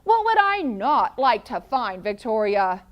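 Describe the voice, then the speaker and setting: A woman teacher in a classroom, leading a phonics drill and chanting sounds and letters slowly and deliberately, calling on pupils with encouragement. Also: on the high side, big pitch swings, lo-fi sound.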